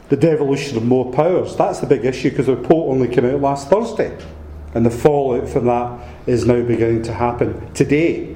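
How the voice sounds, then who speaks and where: Chatty Scottish man lecturing, dark tone. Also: mid-range voice, slight background noise. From Scotland. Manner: chatty, joking, animated. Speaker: guest lecturer. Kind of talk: public lecture. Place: lecture room. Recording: roomy hall with faint ambience.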